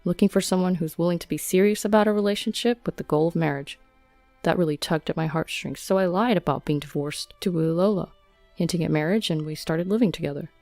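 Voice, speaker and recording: Seorang suami yang membela diri dengan keras kepala, dibacakan oleh seorang perempuan dengan suara rendah dan lembut. Rekamannya kering dan dekat, dengan musik latar yang samar di belakang. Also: female voice, fairly low pitch, fast, mellow, no room sound, soft background music, natural voice. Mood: defensive. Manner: defensive, self-justifying. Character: defiant cheating husband, middle-aged man.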